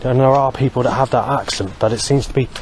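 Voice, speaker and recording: A man talking alone to camera in a rambling monologue, halting often to search for words. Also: medium pitch, a little mellow, slight background noise. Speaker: vlogger.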